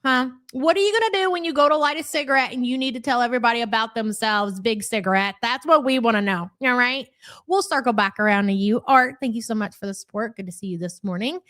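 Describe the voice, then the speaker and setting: Brash high-voiced woman streamer. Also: quick pace, fairly bright tone. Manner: brash, swears freely, rattles off viewer names. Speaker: livestream host. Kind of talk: casual live reaction chat.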